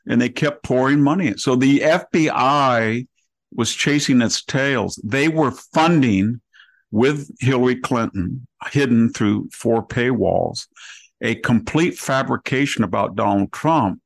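A man hosting a political podcast who piles up grievances in a sarcastic, rapid-fire way, recorded close on a studio mic. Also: medium pitch, creaky, no room sound, low-quality recording. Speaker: podcast host. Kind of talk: political commentary conversation.

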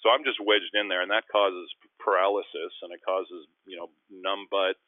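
A man's voice: deep voice, steady tone, normal speed, no echo. A middle-aged man from Canada, a former basketball player, telling chatty, self-deprecating stories as a guest. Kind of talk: casual storytelling. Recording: tinny phone-like line, dry.

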